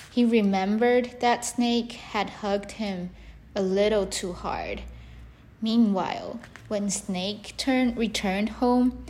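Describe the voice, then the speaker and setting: A woman reads a children's story aloud, gently and with great care. She takes her time over every phrase, keeping her pitch mid-range and even. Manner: slow, gentle, careful reading.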